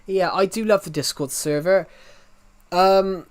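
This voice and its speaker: A man's voice: sits high, steady tone, unhurried, clean tone. A man, chatting casually to viewers on a live game stream, rambling and often restarting his sentences.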